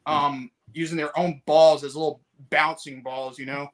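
A man's voice: a little high, level tone, moderate pace. A man co-hosting a podcast in casual chat, rambling and laughing often, trailing off with fillers. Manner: rambling, laughs often, breaks into put-on voices. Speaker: podcast co-host.

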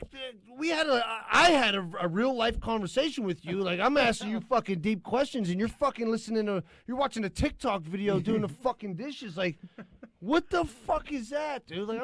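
A man in his thirties telling an animated, profane story in casual chat. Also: very high voice, a little fast, no echo.

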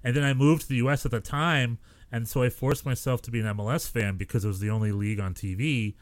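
An American man co-hosting a podcast, telling stories in lively casual chat. He slips into other people's voices when he quotes them. His voice sits at a mid pitch, and the recording is dry and close. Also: quick pace, dry recording. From United States. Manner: animated storyteller, acts out quotes. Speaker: podcast co-host.

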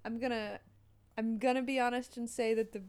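A woman's voice: fairly high pitch, steady tone, brisk, a little mellow, clean tone. A woman co-hosting a beer podcast, teasing her guests and running the tasting in an upbeat way. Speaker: podcast co-host. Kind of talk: casual podcast chat.

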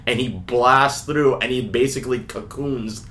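A young man co-hosting a casual comic book podcast, retelling the plot with lively acted-out lines. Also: mid-range voice, unhurried. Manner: animated retelling, acting out characters' lines. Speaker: podcast co-host.

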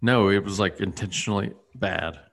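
A man's voice: on the low side, moderate pace, gravelly, fairly bright tone. A man in casual chat, rambling with lots of fillers and restarts.

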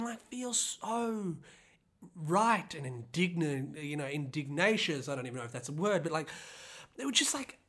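A singer-songwriter hosting a podcast, casually telling the story behind a song, rambling with many fillers and restarts, the voice leaping up in pitch when reliving anger. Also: expressive, brisk, a bit bright.

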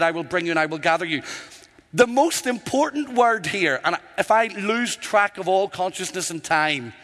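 A man delivers an impassioned sermon, his voice sitting notably high for a man. He builds through emphatic repetition, and the sound rings out with a long reverb tail, as if he is preaching in a large hall. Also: a bit bright.

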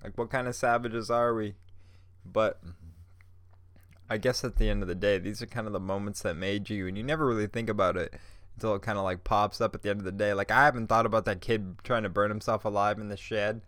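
A man's voice: on the low side, fairly even intonation, quick pace, fairly bright tone, dry recording, clean studio sound. A man hosting a podcast alone, stoned, rambling in a laid-back, profane way and laughing often. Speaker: podcast host.

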